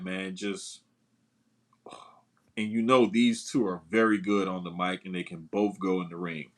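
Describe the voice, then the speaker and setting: Enthusiastic man talking wrestling. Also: fairly low pitch. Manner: enthusiastic, swears casually, laughs along. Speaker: podcast co-host. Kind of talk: casual wrestling chat.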